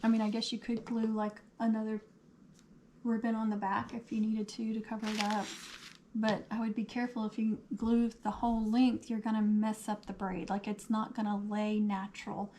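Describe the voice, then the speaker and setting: A woman hosting a casual craft livestream, her voice a little hoarse, chatting and answering viewer comments as she works. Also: on the high side, monotone, moderate pace, mellow, a little hiss or hum. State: losing her voice.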